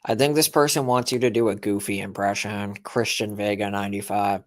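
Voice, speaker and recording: A man's voice: on the low side, fairly even intonation, fairly quick, dry recording, clean studio sound. A man co-hosting a live stream in casual chat, goofy and fond of silly voices. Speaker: co-host, streaming guest.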